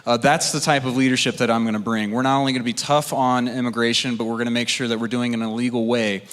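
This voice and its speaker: A male candidate delivers a combative, rallying stump answer, his voice sitting at an ordinary middle pitch. Every phrase rings out into a large hall with a long reverb tail. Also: little pitch movement, fast, a bit bright. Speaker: political candidate. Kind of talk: campaign forum answer.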